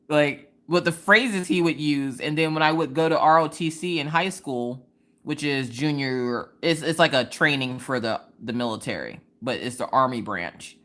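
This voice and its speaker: Animated woman chatting on a livestream. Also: deep voice, measured pace. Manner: animated storytelling, quotes people in different voices; slangy, talks straight to her chat. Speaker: livestream host. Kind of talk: casual chat while crafting.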